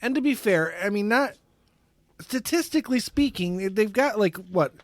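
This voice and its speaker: A man co-hosting a casual podcast in a sardonic, deadpan way. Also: high voice, normal speed, no room sound. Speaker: podcast co-host. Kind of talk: casual chat.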